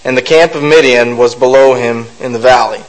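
A man's voice: medium pitch, brisk, rough recording. Man reading scripture with musing asides. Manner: reads aloud with frequent fillers and self-corrections. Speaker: Bible study teacher.

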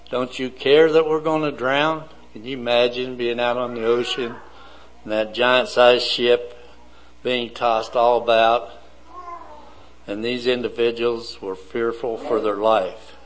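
A man preaching a sermon slowly and deliberately, building his points in lists. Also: mid-range voice, low-quality recording.

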